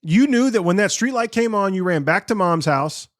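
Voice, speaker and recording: Laid back podcast host dude, kinda high voice, lots of "like" and "you know", dry close sound. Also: male voice, moderate pace, no echo. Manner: relaxed, loose with fillers like "you know". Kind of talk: casual chat.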